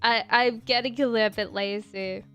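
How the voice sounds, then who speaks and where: A woman's voice: on the high side, fairly even intonation, moderate pace, a bit bright, clear, resonant tone, soft background music. A woman with an Australian accent blended with British, chatting casually on a live stream as a tarot reader, rambling and giggling with lots of fillers. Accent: Australian mixed with British.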